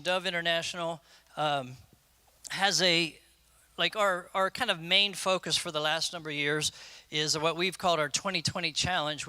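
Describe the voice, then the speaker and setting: A man giving an unscripted conference talk, speaking in a halting way with many restarts and fillers. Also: a little high, pushed and bright, clear, resonant tone, dry recording. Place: conference room.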